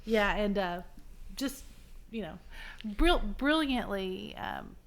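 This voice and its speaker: A woman co-hosting a casual podcast, chiming in with reactions and quick remarks about a TV episode. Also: medium pitch, lively intonation. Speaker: podcast co-host. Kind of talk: casual chat recapping a TV episode.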